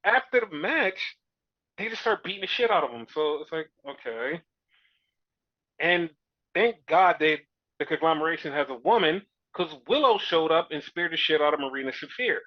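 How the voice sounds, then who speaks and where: A man co-hosting a casual wrestling review chat, telling events in an animated, profane, exasperated way. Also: a little high, normal speed. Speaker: podcast co-host. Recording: dull lo-fi recording.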